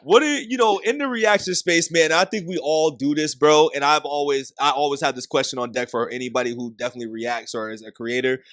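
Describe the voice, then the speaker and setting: Animated high-voiced podcast host, dry sound. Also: male voice, fast talker, few pauses, dry recording. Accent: Boston. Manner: laughs often, slangy and animated. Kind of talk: casual chat.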